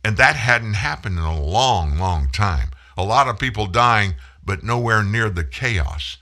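A man's voice: lowish voice, expressive, sharp tone. A man in his sixties hosting a political talk show, delivering emphatic commentary and stretching out key words for effect. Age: 60s. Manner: emphatic, punches single words, slows down for effect.

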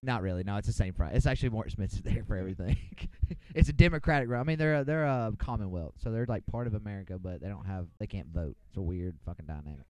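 Young male podcast co-host, smooth and resonant, dry close sound, loose profane storyteller. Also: fairly low pitch, quick pace, hardly any pauses, a little mellow, no echo. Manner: rambling, profane, boisterous anecdote. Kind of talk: casual storytelling among friends.

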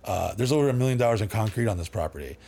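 A man's voice: lowish voice, animated, racing, gravelly, mellow, husky. Rambling, foul-mouthed man telling stories. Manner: rambling, profane, with many fillers and restarts. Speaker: guest. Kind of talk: casual storytelling.

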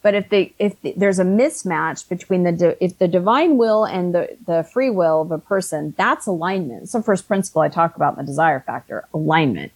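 Earnest woman in her fifties, lower voice. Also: expressive, a little fast, few pauses, darkish tone. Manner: earnest, frequent restarts and self-corrections. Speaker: author and life coach. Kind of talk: conversational storytelling.

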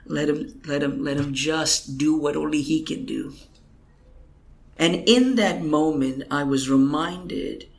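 A man's voice: on the high side, vocal fry. A man, a guest minister, telling an emotional testimony in a podcast interview, earnest and at times dropping to a whisper. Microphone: computer microphone.

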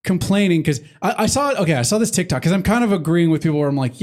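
A man's voice: on the high side, expressive, fast talker, a little mellow. A man chatting casually on a podcast, rambling and swearing, with frequent filler words. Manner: profane, rambling, breaks into goofy impressions. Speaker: podcast co-host. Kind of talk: casual chat.

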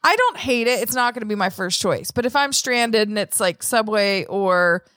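A woman's voice: medium pitch, lively intonation, normal speed, fairly bright tone, no echo. A woman co-hosting a podcast in casual chat, playful and teasing, with lots of fillers. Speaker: podcast co-host.

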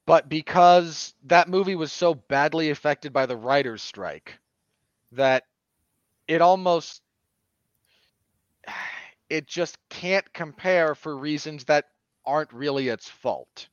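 A man with a fairly high voice chats through a film review, and his talk is animated and opinionated. The audio is dry and close, with a dull lo-fi edge. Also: takes it slowly, pauses often, no echo. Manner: animated and opinionated, with sudden emphatic jumps. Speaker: podcast co-host. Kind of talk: casual film review chat.

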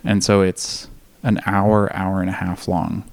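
This man, a guest on a podcast, tells a story from his own life without hurrying, candid and at ease. Occasional laughs and free swearing run through his somewhat low, gravelly voice with its fry-tinged texture.

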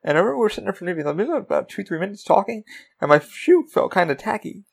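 Gravelly man rambling on a podcast. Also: high-pitched, very animated, quick pace. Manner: casual, rambling, swears freely. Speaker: podcast host. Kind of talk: rambling solo podcast talk.

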